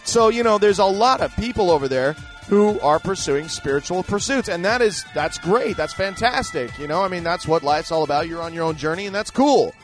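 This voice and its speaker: A man's voice: high-pitched, expressive, brisk, music in the background. A man hosting a show and answering listener letters in a rambling, emphatic monologue full of fillers and restarts. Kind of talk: casual ranting monologue.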